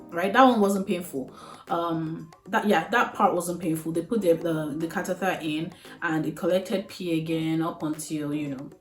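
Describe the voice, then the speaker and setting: Chatty young woman in a roomy space. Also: fairly low pitch. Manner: candid, chatty, with many fillers and frank asides. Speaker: vlogger. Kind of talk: casual storytelling to camera. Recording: roomy echo with faint music.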